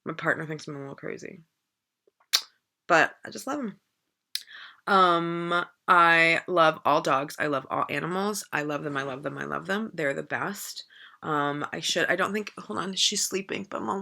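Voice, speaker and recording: A woman's voice: low voice, moderate pace, creaky, pushed and bright. A woman in her thirties chatting to camera in a rambling, enthusiastic way. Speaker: vlogger. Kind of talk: casual chat to camera.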